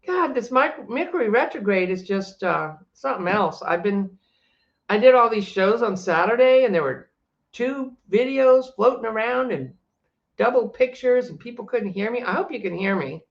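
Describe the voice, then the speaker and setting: An older woman, a psychic and energy healer, talking in a loud, chatty, rambling way from her home office, often breaking off mid-sentence. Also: a little high, expressive, normal speed, lo-fi sound. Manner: chatty, rambling, self-interrupting; loud, emphatic. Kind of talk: casual unscripted monologue to camera.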